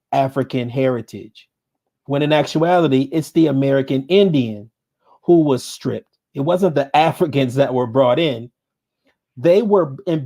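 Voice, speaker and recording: A man's voice: a little high, mellow. A man hosting a podcast, giving emphatic commentary and repeating points for stress while reading sources aloud. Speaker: podcast host.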